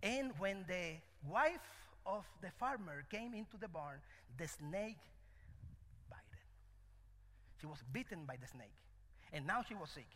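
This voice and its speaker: A male preacher delivers a sermon with a high, bright voice, firing questions at his congregation. His words bounce around a reverberant church hall. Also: normal speed, hardly any pauses, slight background noise. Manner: animated, call-and-response questions. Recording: echoey hall.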